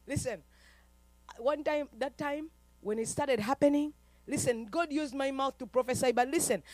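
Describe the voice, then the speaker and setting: A woman preacher from Uganda, giving a fervent sermon that swings between quiet talk and shouting. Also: high-pitched, dry recording.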